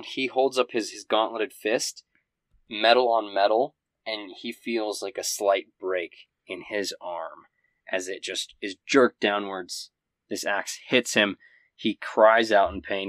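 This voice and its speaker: A man narrating a tabletop battle as game master with quick, vivid play-by-play. His voice sits fairly low yet comes across bright and forceful. The sound is close and dry. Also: no room sound.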